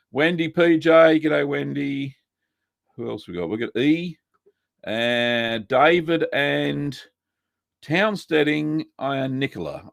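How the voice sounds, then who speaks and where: A man's voice: mid-range voice, gravelly, dry recording, clean studio sound. A middle-aged Australian man hosting a casual live stream, chatty and greeting viewers by name with plenty of fillers.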